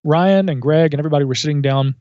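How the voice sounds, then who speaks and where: Man, podcast guest, measured storytelling, dull lo-fi sound, dry. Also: fairly high pitch, smooth, no room sound. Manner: thoughtful, measured, with asides and self-corrections. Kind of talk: reflective storytelling in conversation. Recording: dull lo-fi audio.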